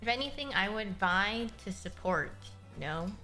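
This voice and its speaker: A woman's voice: medium pitch, expressive, normal speed, bright, forceful tone, soft background music. A young woman livestreaming in a casual, chatty way, answering her chat and cooing at her cat.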